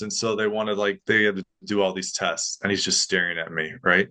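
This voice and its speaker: A man's voice: low voice, a little fast, hardly any pauses. A young man, a podcast guest, telling a story in casual chat and acting out the voices of the people he quotes. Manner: animated, acts out others' voices in quotes.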